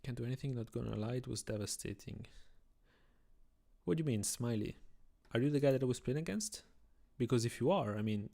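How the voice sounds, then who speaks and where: A tired young man from Italian-speaking Switzerland, a native Italian speaker, chatting casually and quietly on a chess live stream. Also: mid-range voice, brisk, vocal fry. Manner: talks quietly so as not to wake someone.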